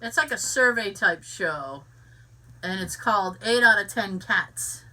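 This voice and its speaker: Casting: young female podcast co-host, giggly and animated, very bright tone, a bit off-mic. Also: medium pitch, unhurried, far from the mic. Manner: giggly, animated storytelling with many restarts. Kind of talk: casual chat.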